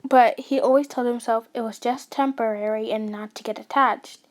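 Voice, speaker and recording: A woman's voice: fairly high pitch, steady tone, moderate pace. Woman casually reading a fanfic aloud. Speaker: storyteller.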